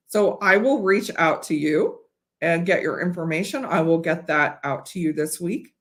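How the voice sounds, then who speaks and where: A woman's voice: on the low side, normal speed. A woman from Ohio hosting a casual whiskey livestream, chatty and rambling with fillers and restarts, a bit tipsy. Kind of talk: casual live-stream chat. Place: home studio.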